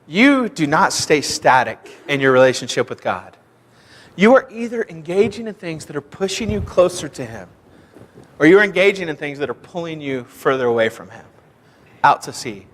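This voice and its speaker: A young male pastor from Kansas preaches in a church, his high, bright voice carrying a long hall reverb. He tells stories with animated energy, acting out the dialogue with shouts and laughter. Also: normal speed, pauses often. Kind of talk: sermon with storytelling. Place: church sanctuary.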